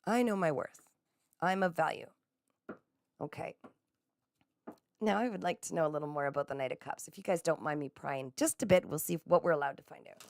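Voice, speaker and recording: A woman's voice: low-pitched, gravelly, slight background noise. A woman giving a live tarot reading, effusive and encouraging, speaking straight to her viewers. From Canada. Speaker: psychic reader.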